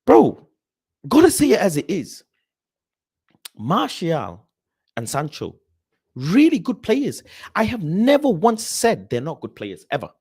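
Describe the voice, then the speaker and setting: Young guy ranting about football on his stream, kinda high voice, gets loud then mutters. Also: slow pace, long pauses, breathy edge. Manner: animated, passionate, swinging between loud rants and low asides. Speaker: football livestream host. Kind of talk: casual live-stream chat reading super chats.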